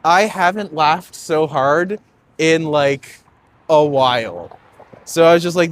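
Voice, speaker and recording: Chatty Canadian man, higher voice. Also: animated, slow pace, a little hiss or hum. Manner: joking and chatty, laughs often. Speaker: tour guide. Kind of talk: casual chat while walking. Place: outdoors on a city street, walking uphill.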